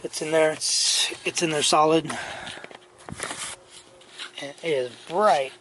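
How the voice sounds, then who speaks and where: A middle-aged man giving a rambling, casual walkthrough of his truck restoration inside the cab, his throat dry so he keeps clearing it, with many fillers and restarts. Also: on the high side, fairly even intonation, slow, background noise. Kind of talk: casual work-in-progress walkthrough.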